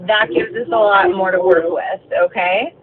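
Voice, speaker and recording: A woman's voice: mid-range voice, moderate pace, background noise. A woman bus driver, telling a story in a swearing, filler-heavy rant while driving. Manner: ranting, swearing, many fillers. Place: inside a moving bus. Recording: tinny lo-fi phone recording.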